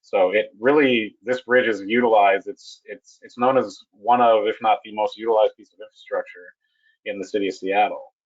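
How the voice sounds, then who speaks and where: A low-pitched man presents a technical webinar, stopping and restarting his sentences often. His voice comes through a computer mic on a web call. The audio is dull and lo-fi. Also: fairly even intonation, slightly rough. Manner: halting, with frequent restarts and fillers. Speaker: webinar presenter, bridge project manager.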